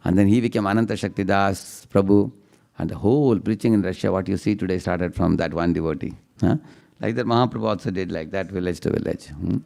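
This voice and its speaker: Low gravelly man giving devotional talk. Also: warm tone. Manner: chants verses in a slow singsong; tags lines with questioning "huh?" to the audience. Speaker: speaker giving a devotional class. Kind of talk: devotional storytelling lecture.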